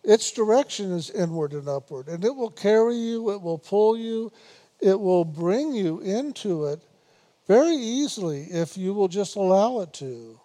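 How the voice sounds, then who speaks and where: A man giving a spiritual meditation talk, unhurried and repetitive, gently teasing his listeners and laughing now and then. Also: high-pitched, lively intonation. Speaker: spiritual teacher.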